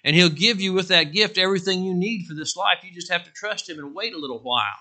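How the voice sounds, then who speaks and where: Male pastor preaching, animated, loud then hushed, bright cutting tone. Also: high voice, fast. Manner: animated, swings from loud to hushed, acts out quotes. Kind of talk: sermon.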